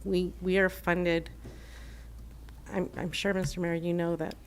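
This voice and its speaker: A woman's voice: lowish voice, flat delivery, measured pace, slight background noise. A woman giving an earnest, emotional public comment at a city council meeting, with many fillers and restarts. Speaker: shelter program manager giving public comment. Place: council chamber.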